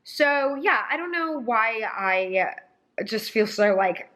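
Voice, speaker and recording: A woman's voice: fairly high pitch, lively intonation, slow, a bit bright. A young woman vlogger talking to camera in a casual, emotional way, rambling with many fillers, indoors by a sunny window. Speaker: lifestyle vlogger and influencer. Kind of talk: casual apology vlog to camera.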